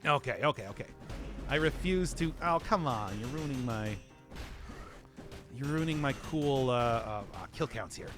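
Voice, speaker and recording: Over music, a streamer with a mid-range voice and lively intonation talks at a normal speed through casual gameplay. He rambles, laughs a lot, and pokes fun at himself, sounding groggy because he hasn't spoken all day.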